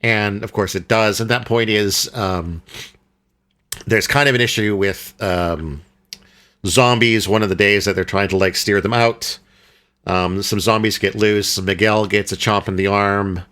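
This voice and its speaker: A man with a low, bright, forceful voice talks through a film recap in loose casual chat. He rambles with plenty of fillers and restarts, speaking as a podcast co-host. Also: fairly even intonation, unhurried.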